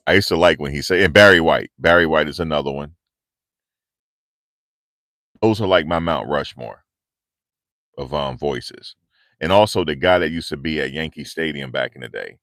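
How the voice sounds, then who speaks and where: A very deep, slightly bright male voice at a moderate pace hosts a livestream, joking casually and handling viewers' comments. He's from the tri-state area around New York and uses a handheld lavalier clip mic, with clean studio sound and no echo.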